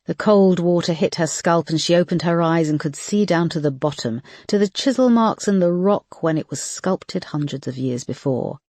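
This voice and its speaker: A measured audiobook narrator, reading a crime thriller in a steady, even storytelling voice. The recording is close and dry, with no room around it. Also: mid-range voice, no room sound. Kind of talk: scripted narration.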